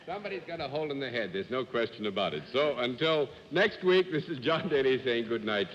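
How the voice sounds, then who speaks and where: A man's voice: mid-range voice, sing-song, fairly quick. A man hosts a 1950s panel game with formal, courtly phrasing and a mock-stern edge. The old broadcast sound is dull and narrow, with a long reverb from the studio and a faint hiss. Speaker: host.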